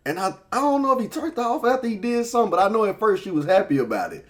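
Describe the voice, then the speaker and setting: Laughing co-host with a lively voice. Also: male voice, sits high. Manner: laughing interjections, quick reactions. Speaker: reaction video co-host. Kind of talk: casual reaction commentary.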